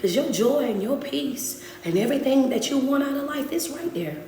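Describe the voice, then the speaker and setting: A woman motivational speaker, giving a preachy, repetitive pep talk to a live-stream audience and swinging between loud and hushed. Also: high-pitched, animated, normal speed, distant mic, slight background noise. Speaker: motivational speaker and life coach. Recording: echoey room, away from the mic.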